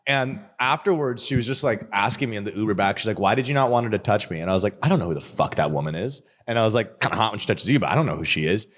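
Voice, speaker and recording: A man's voice: lowish voice, rapid-fire, hardly any pauses. A young man guest on a podcast, telling crude stories in casual chat and joking and laughing as he goes.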